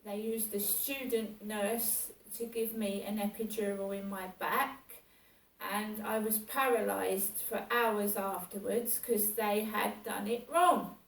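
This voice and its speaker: Aggrieved woman venting slowly. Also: mid-range voice, fairly even intonation. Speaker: vlogger. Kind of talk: personal monologue. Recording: echoey room, far from mic.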